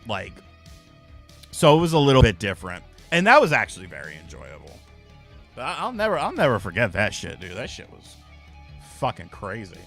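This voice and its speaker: A man's voice: lowish voice, fairly bright tone. A young man hosting a casual live stream, telling stories loosely and swearing freely.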